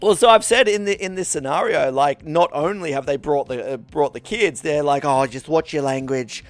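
A man's voice: fairly high pitch, lively intonation, moderate pace, dry recording, soft background music. A man hosting a casual podcast chat, ranting and swearing, acting out the people he describes. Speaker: podcast host.

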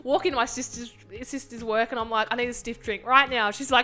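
A young woman telling a story in casual chat, animated, swearing and acting out the people she quotes. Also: fairly high pitch, quick pace, hardly any pauses.

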